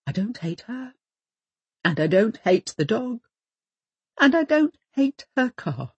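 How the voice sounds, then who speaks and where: A woman's voice: a little high, very animated, slow pace, darkish tone, husky, no echo, highs cut off, voice pushed up, full character voice. A woman reading an audiobook voices a prim, fussy older wife who speaks in precise, insistent, formal phrases. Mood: brittle.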